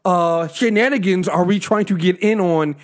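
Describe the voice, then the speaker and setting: A man's voice: sits high, moderate pace, voice pushed up, lightly acted. A man putting on the voice of a hesitant, overly polite male undercover cop. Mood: fake-friendly.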